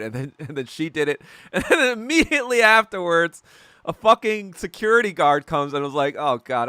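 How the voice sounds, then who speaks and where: Rambling young man, bright and animated. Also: on the high side, brisk, smooth, dry recording, clean studio sound. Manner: rambling storyteller, laughs often, swears a lot. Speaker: podcast host. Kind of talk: casual livestream chat while eating.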